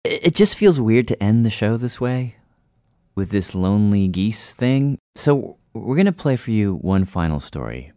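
A male radio host narrating a story and interviewing a guest with curious, quick questions. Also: lowish voice, sing-song, mellow, no echo, studio quality.

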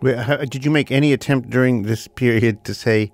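A man's voice: mid-range voice, fairly quick. A man co-hosting a radio show who asks playful, quizzical questions.

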